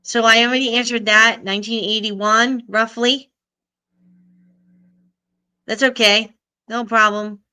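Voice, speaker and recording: Bright, smooth-voiced woman stream host. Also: on the high side, steady tone, a little slow, pauses often. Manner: chatty, greets and answers viewers' comments. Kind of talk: casual live stream chat.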